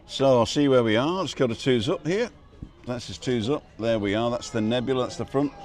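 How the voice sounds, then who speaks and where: A man's voice: mid-range voice, fairly quick, darkish tone. A middle-aged man hosting a casual live stream from a restaurant terrace on a wireless mic, chatting and reading out viewer comments with jokes. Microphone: wireless microphone.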